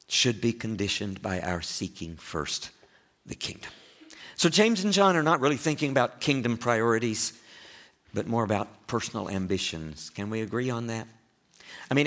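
A man with an East Texas accent preaching a sermon as pastor, chatty and full of questions to his listeners, with big swings in pitch and loudness for emphasis. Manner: conversational, asks the listeners frequent questions.

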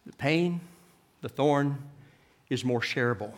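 A man preaching a sermon, swinging from loud, emphatic lines to hushed ones and often repeating his words. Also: mid-range voice, slow.

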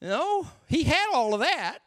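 A pastor giving a sermon, teaching in an earnest, conversational way and slowing down for emphasis. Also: male voice, very high voice, very animated, fairly bright tone, dry recording, studio quality.

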